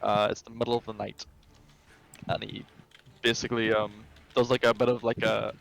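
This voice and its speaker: A man's voice: lowish voice, flat delivery, normal speed, gravelly, slight background noise. A man running a tabletop game over voice chat, narrating in a rambling, casual way with lots of fillers and swearing. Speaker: game master. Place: home, online voice chat.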